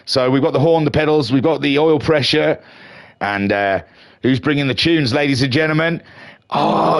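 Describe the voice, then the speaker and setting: A man's voice: fairly high pitch, normal speed, gravelly. A man giving playful, jokey live commentary on a sim racing league from home. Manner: playful, jokey, builds to excited shouting at the start. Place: home room.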